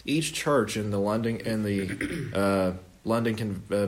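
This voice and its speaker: A man's voice: fairly low pitch, normal speed, hardly any pauses. Earnest young man leading Bible study. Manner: conversational, self-correcting, earnest. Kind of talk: informal Bible study teaching.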